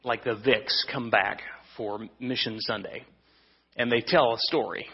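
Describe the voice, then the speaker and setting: Conversational pastor preaching in an echoey hall. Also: male voice, mid-range voice, steady tone, measured pace, vocal fry, husky, highs cut off. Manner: conversational preaching with restarts and humor. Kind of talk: evening sermon.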